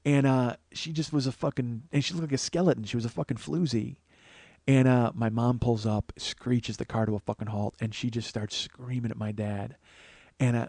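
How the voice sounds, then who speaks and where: A man in his forties, a podcast host, telling a profane, animated comedic story. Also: on the high side, brisk, no room sound. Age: 40s. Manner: profane, animated, restarts often.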